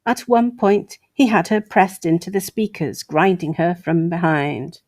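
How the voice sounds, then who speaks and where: A woman's voice: fairly low pitch, measured pace, darkish tone, no echo. A woman hosting her own show, reading an article aloud and breaking off for sarcastic asides. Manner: sarcastic asides between read passages. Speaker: host.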